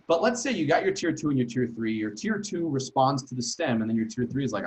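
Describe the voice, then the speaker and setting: A man training teachers in an online workshop, talking in a conversational, emphatic way and tagging sentences with quick questions to the group. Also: medium pitch, sing-song, a little mellow, a little hiss or hum, low-quality recording. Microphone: video call.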